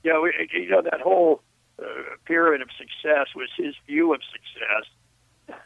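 A man's voice: fairly high pitch, moderate pace, gravelly, dry recording. An older man, an author and guest on a phone interview, telling stories in a reflective way with many restarts. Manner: reflective storyteller with frequent restarts. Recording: tinny phone line.

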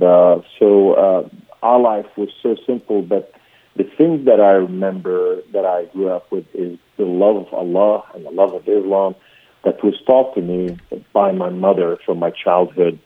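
A man from Lebanon with a Lebanese accent, Arabic his first language, telling his life story as a guest preacher in an earnest way, with many fillers. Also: sits low. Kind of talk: personal testimony. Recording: phone line.

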